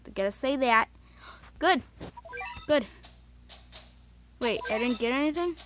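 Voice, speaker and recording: A woman talking casually over her own mobile gameplay, chatty and self-mocking, with bursts of excited cheering. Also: a little high, a little slow. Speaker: mobile game video host. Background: game music.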